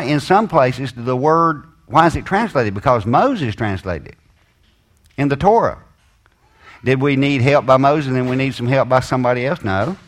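A man leading a Bible study, drawing out quoted verses slowly and giving asides to a helper. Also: mid-range voice. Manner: slows and stresses quoted scripture, asides to a helper. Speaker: Bible teacher.

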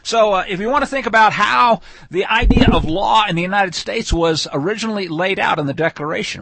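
A man's voice: high voice, a little fast, creaky, noisy background. A man giving a conversational weekly scripture teaching, explaining verses with frequent fillers and restarts. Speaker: Bible teacher. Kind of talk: weekly Torah portion teaching.

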